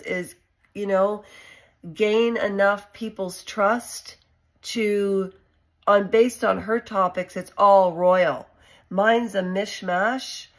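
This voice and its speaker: A woman with a Canadian accent chatting casually to her viewers in a rambling vlog, calling out viewers by name. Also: medium pitch. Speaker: channel host.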